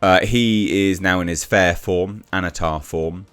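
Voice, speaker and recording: A man's voice: sits low, steady tone, a little slow, a bit bright, clear, resonant tone, faint music behind. A man giving a blunt, exasperated casual review rant, with frequent restarts and swearing.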